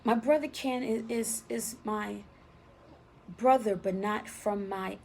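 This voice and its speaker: A woman's voice: fairly high pitch, takes it slowly, a little mellow, slight background noise. A woman and former teacher telling a personal story in a conversational way, often checking in with "right?".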